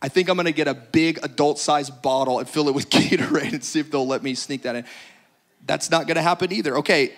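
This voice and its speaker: A man's voice: a little high, a little fast. A man pastor giving humorous practical announcements to a congregation, joking and exaggerating for laughs.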